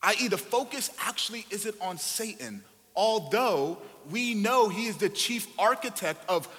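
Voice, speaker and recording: High bright guy preaching in a church, big hall echo, chatty then really punchy. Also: lively intonation, a little slow. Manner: shifts from low conversational asides to loud emphatic preaching. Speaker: pastor. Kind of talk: sermon. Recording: long hall reverb.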